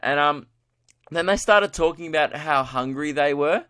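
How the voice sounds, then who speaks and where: Aussie guy on his podcast, kinda high voice, swearing and cracking up while telling stories. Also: normal speed, pushed and bright, clear, resonant tone. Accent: Australian. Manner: laughing, swearing storyteller, acts out quotes. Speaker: podcast host and comedian. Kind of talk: casual comedic rant. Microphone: podcast mic.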